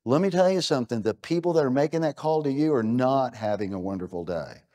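A man's voice: mid-range voice, expressive, quick pace, mellow. A middle-aged American man giving a conference keynote in a punchy, emphatic way, full of rhetorical questions. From United States. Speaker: keynote speaker. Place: stage at an event.

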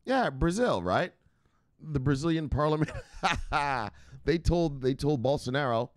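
A brash, profane man talks straight to his viewers in casual solo commentary. His pitch swings all over the place, and he chuckles as he goes. The recording is dry and close, with no room sound. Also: expressive, a little slow, dry recording. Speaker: host of a crypto news channel.

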